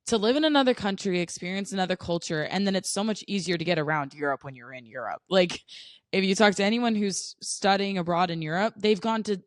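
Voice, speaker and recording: A woman's voice: mid-range voice, a little fast, no echo, clean studio sound. A young woman from the United States co-hosting a podcast, chatting casually and bluntly, with lots of "like" and easy laughs. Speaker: podcast co-host.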